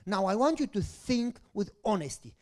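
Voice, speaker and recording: Male pastor, dramatic storytelling sermon, very expressive pitch, hushed-to-loud delivery. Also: normal speed. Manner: dramatic storytelling with rhetorical questions to the congregation; swings between soft hushed lines and loud bursts.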